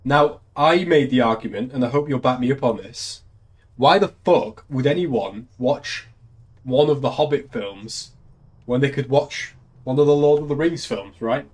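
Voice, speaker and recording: A man's voice: medium pitch, measured pace, slightly rough. An English man, a young adult, chatting casually on a live stream, laughing often and swearing freely. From England. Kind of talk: casual chat.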